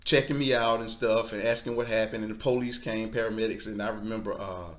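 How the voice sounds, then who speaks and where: A man recounts a personal story in conversation. He animates it by mimicking the people he quotes, with frequent laughter and an easy, expressive delivery. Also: on the low side, fast. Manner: animated, acts out quoted voices, laughs often. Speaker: guest. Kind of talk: storytelling testimony.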